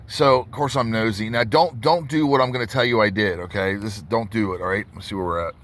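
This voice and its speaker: A man's voice: fairly low pitch, fast, few pauses, a bit bright. A tattoo artist telling a rambling story in a casual vlog, full of restarts and asides to his viewers.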